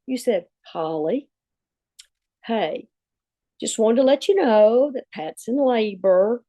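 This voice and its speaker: A woman's voice: fairly high pitch, slow, long pauses. A woman, a longtime assistant telling a story in an interview, acting out the dialogue and laughing as she goes. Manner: animated retelling with quoted dialogue and laughs.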